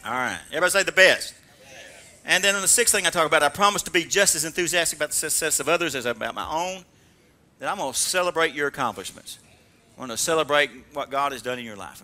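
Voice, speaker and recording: A man preaching a sermon, coaxing call-and-response from the congregation and swinging from loud exhortation to soft, low asides. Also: fast talker. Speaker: pastor.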